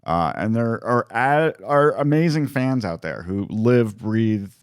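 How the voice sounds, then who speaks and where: A man's voice: mid-range voice, expressive, slow pace, clean tone, no room sound. A man co-hosting a casual comedy podcast in a studio, chatty and laughing as he reads news items. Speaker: podcast co-host.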